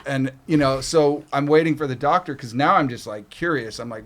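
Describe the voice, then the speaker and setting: A middle-aged man from Canada spins a casual story as a podcast guest. He curses freely and acts out what everyone said in lively quoted bits. His voice sits at an ordinary pitch. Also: quick pace, few pauses. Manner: profane, animated retelling with acted quotes.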